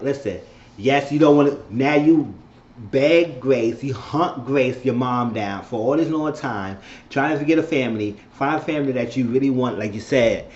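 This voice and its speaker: A man's voice: mid-range voice, a little mellow. A man giving a casual, opinionated spoken recap of a TV episode, retelling scenes and acting out what the characters say. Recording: echoey dull lo-fi room with faint noise.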